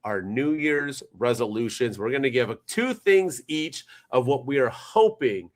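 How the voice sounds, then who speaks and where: Male podcast co-host, mid-pitch, casual, animated and rambling. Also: measured pace. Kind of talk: casual chat.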